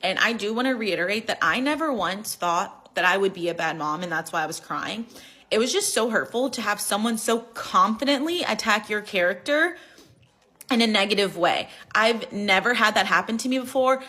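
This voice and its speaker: A woman's voice: mid-range voice, expressive, moderate pace, bright, forceful tone. A young woman making an earnest, grateful follow-up video to camera.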